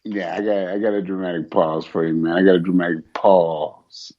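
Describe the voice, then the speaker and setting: Low-voiced joking man, lo-fi sound. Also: flat delivery, moderate pace. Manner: joking, teasing banter. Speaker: podcast co-host. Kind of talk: casual chat. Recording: dull lo-fi line with faint noise.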